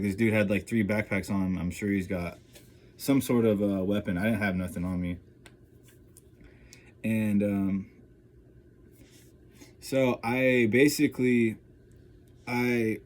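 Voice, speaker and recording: A man with a somewhat low voice tells a story from his own life in a loose, rambling vlog style. He leans on fillers and keeps tossing in quick check-ins to the listener. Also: a little mellow. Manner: rambling, filler-heavy, keeps checking in with "right?" and "you know?". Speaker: vlogger. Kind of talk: casual first-person storytelling.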